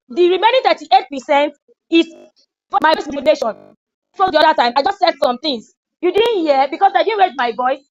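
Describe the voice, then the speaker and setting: A woman with a very high voice runs a classroom training session, animated and demonstrative. The recording is dull and lo-fi, taken in a lecture room. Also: dry recording. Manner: animated, acts out scolding.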